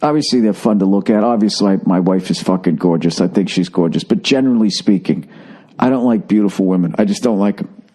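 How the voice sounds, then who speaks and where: A man's voice: deep voice, fast, mellow, breathy edge. A middle-aged man ranting profanely in a casual comic monologue, repeating words as he builds up steam. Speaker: podcast host.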